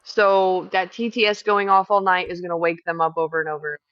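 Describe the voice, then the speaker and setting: A woman who works as a camp medic, retelling a clash in casual chat, swearing freely and talking fast when heated. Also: lowish voice, fairly even intonation, muffled recording. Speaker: house medic at a streamed camp.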